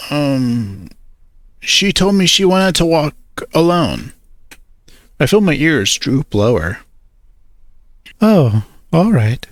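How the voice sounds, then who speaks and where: A man reads a first-person story slowly, his voice gravelly, with a lively rise and fall in pitch. His character's lines come out hesitant and awkward, in a dry, close recording. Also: no room sound. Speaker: narrator.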